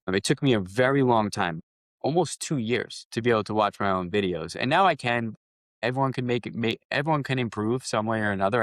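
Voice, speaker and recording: A man's voice: on the low side, a bit bright, no room sound. A man, a company founder guest on a podcast, telling rambling anecdotes in a casual interview, with restarts and quoted dialogue.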